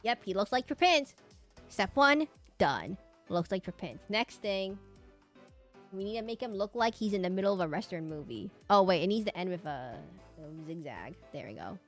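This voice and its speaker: A woman's voice: mid-range voice, very animated, normal speed, soft background music. A woman streamer chatting casually with her viewers while drawing, giggly and rambling. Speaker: livestreamer.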